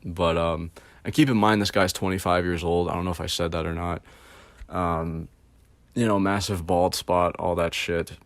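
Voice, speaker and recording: A young man with a low voice tells a rambling, profane story, stuffing his sentences with filler words. The sound is close and dry, with no room echo. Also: fairly even intonation, normal speed. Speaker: host. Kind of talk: casual storytelling.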